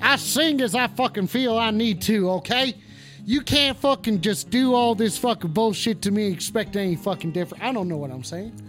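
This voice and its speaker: Male comic host in a cowboy persona; rowdy, profane, rambling, sharp bright delivery. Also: sits high, moderate pace, soft background music. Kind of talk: rowdy comedic rant.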